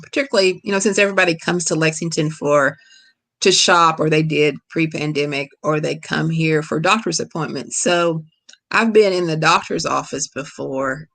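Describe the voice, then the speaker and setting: A middle-aged woman from Kentucky with a Kentucky accent, an author answering questions over a video call in a relaxed, storytelling way. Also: low voice, moderate pace, creaky. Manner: relaxed, storytelling, laughs easily. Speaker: guest author. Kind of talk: casual lecture Q&A.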